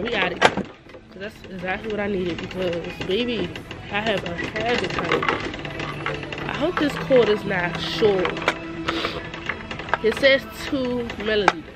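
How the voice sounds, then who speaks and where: Chatty young woman vlogging to her camera. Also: mid-range voice. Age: 20s. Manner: chatty, full of fillers, talks straight to viewers. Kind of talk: casual vlog chat to camera. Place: store, then her bedroom at home. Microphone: camera held or set up by herself.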